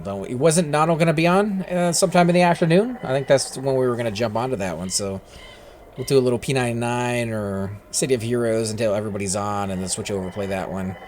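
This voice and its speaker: A man's voice: medium pitch, a little mellow, a little hiss or hum. Laid-back man joking over game chat. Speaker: gaming channel host. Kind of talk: casual chat while playing a game. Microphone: desk microphone.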